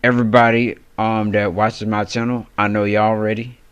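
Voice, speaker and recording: A man's voice: fairly low pitch, little pitch movement, moderate pace, smooth, no echo. A man hosting a casual wrestling predictions chat, rambling loosely and correcting himself as he goes. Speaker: wrestling channel host.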